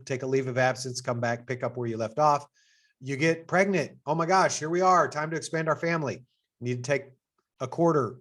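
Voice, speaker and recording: A middle-aged man speaks with a Texas twang as he presents an information session to prospective students. His delivery is casual and upbeat, and his pitch jumps up on the points he wants to stress. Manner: upbeat and conversational, with sudden pitch jumps for emphasis. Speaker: assistant dean hosting an information session.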